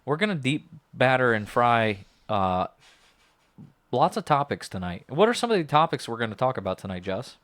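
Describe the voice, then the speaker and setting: Man co-host, playful and riffing, animated delivery, dry close studio mic. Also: medium pitch, normal speed, dry recording. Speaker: podcast co-host. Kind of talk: casual chat.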